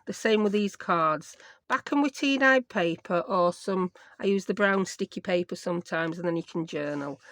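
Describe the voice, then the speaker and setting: A woman's voice: medium pitch, no room sound. Chatty Yorkshire woman at her craft desk. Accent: Yorkshire English. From Yorkshire, England. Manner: chatty, self-mocking, uses dialect words. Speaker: craft vlogger. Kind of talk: casual craft tutorial chat.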